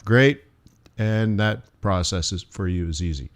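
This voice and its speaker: Man, forex instructor, live trading stream, thinks aloud, playful asides, unhurried delivery. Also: low voice.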